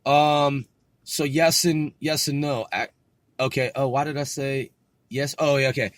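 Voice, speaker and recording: A man's voice: mid-range voice, steady tone, measured pace, no echo. A man hosting a casual solo study podcast, rambling and doubting himself as he sounds out words, swearing now and then. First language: English. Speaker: podcast host learning Korean.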